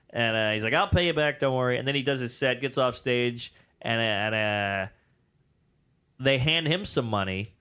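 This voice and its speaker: With a smooth, mid-range voice, a male comedian sits in as a guest for a relaxed interview and spins animated stories. He performs the dialogue of the people in them and curses freely.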